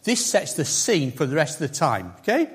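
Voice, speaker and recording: A man's voice: on the high side, huge pitch swings, moderate pace, slightly rough. A man preaching a sermon in a conversational, emphatic way, with chatty asides to the congregation.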